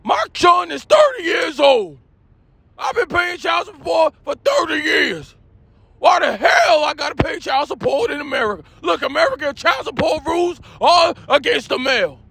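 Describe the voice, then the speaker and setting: A man hosts a comedy rant at full volume, hyped and shouting. His voice is very high and bright, with a gravelly rasp. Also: big pitch swings, moderate pace, no room sound. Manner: loud, hyped, shouting rants. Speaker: comedy host.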